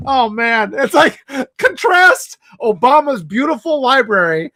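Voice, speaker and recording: A woman co-hosting a casual chat, talking in a rambling, animated way and laughing often. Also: high voice, measured pace.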